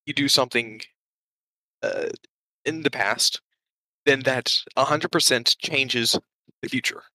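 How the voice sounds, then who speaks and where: A man's voice: mid-range voice, slow pace, bright, forceful tone, poor audio. A man co-hosting a podcast, chatting casually and rambling with lots of fillers, running short of breath. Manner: rambling, hesitant, many fillers. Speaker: podcast co-host. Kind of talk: casual chat.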